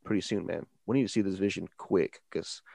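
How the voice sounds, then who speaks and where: A lower-pitched man with a gravelly, fry-heavy voice, hosting a casual gaming podcast. He rambles, repeats words and pushes hard on his emphasis. The sound is dry and close. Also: a little fast, darkish tone, no echo. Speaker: podcast host.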